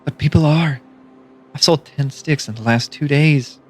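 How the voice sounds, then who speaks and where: A man's voice: fairly high pitch, a little slow, faint music behind, pitched above the performer's own voice. A man voicing a cheerful old woman street trader who chats away in upbeat sales patter while reading a story aloud. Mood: breezy. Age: older.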